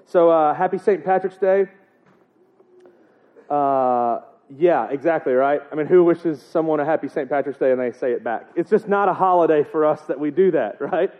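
A man with a somewhat high voice delivers a casual sermon at normal speed, joking and chatting as he often poses rhetorical questions to the congregation. The audio sounds tinny, as if from a phone.

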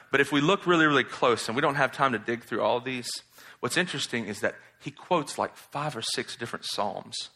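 Bright-voiced animated male preacher. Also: a little high, fast talker. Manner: animated, mocks in exaggerated voices while quoting. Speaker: pastor. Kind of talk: sermon.

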